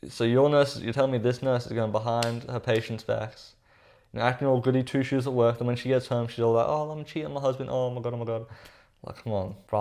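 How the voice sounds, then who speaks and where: A man's voice: medium pitch, darkish tone. A man giving casual reaction commentary, sarcastic and profane, calling his viewers bro.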